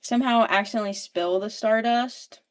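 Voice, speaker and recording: A woman's voice: fairly high pitch, normal speed. A woman podcast co-host recapping a book in casual chat, rambling and full of filler "like"s. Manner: rambling, filler-heavy with frequent "like".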